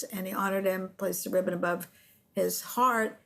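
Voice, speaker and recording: Older female guest, animated storyteller on a podcast. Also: mid-range voice, normal speed, gravelly. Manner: animated storyteller who acts out quotes. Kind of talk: storytelling interview.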